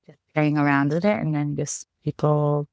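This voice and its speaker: Appearing on a podcast, a woman who works as a healer speaks thoughtfully in conversation, her speech full of "just" and "like." She has a low, darkish, level voice at a moderate pace, recorded cleanly without room sound.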